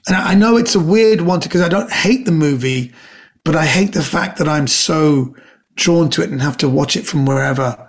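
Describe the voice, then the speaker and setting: A middle-aged comedian appears as a guest on a podcast, chatting casually and telling rambling stories while acting out the quotes. His voice is on the high side and his speed is normal.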